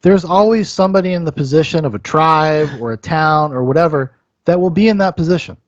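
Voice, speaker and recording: A halting young man in casual discussion. His voice is a bit high, with a dry, slightly dull recording. He speaks with measured restarts and his lines sink low at the end. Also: no room sound. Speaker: podcast co-host.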